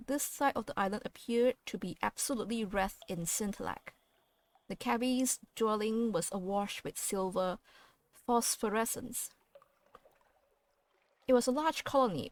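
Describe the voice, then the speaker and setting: A woman playing a story game, reading its text aloud and chatting about her choices in a playful way. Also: mid-range voice. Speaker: let's play host.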